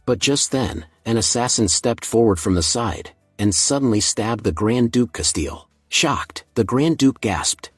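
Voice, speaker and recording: A man's voice: mid-range voice, expressive, moderate pace, hardly any pauses, husky, dry recording, studio quality, soft background music. A man narrating a recap of a comic story.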